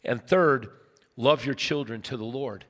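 A man's voice: mid-range voice, unhurried. A pastor in his fifties preaching a sermon, telling a personal story with acted-out voices. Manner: animated storyteller, acts out voices. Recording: long reverb in a large hall.

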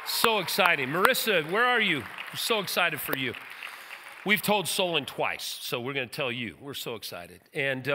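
A middle-aged man preaches a sermon as pastor of his church, folksy and joking with emphatic turns. His voice is on the high side with a sharp tone, heard in the large hall of a church sanctuary.

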